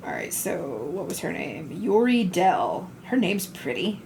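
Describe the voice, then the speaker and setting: Halting woman co-host, casual chat. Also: on the low side, wildly swooping pitch, vocal fry, darkish tone, a little hiss or hum. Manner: halting, many restarts, profane. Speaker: podcast co-host presenting the topic.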